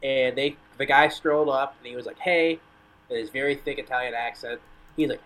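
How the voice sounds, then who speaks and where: A man's voice: mid-range voice, fast talker, fairly bright tone, a little hiss or hum, rough recording. A man talking casually as a guest on a soccer podcast, telling rambling stories full of "like" and "you know". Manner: rambling storyteller, lots of "like".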